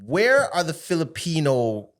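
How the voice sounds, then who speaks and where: Curious male podcast host, lively pitch. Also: a little slow. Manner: curious, asks questions. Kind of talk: casual podcast chat.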